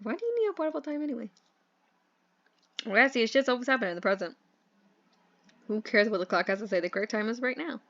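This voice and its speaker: A deadpan, cheeky talking phone from a dating game, as a woman voices it in a voice pitched lower than her own. Its delivery is casual and dry, and it is heard through a muffled, low-fi mic. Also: fast, pauses often. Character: laid-back crude talking phone, the player character.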